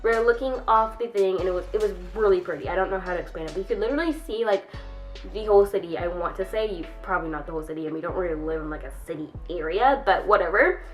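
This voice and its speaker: A woman's voice: fairly low pitch, fast, faint music behind. Rambling young woman telling a storytime. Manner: rambling, heavy use of "like". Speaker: YouTuber. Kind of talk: casual storytime.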